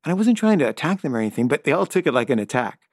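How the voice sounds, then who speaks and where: A middle-aged filmmaker telling a personal anecdote in a loose, rambling way, full of fillers and stammered repeats. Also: male voice, fairly high pitch, sing-song, rapid-fire, dry recording, studio quality. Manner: stammers and repeats himself when flustered. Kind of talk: casual spoken anecdote.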